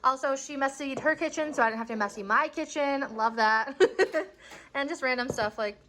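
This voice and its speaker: A woman's voice: sits high, normal speed, pushed and bright, low-quality recording. A young woman chatting casually to camera in a home vlog, giggly and self-mocking as she cooks and gardens. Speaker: vlogger.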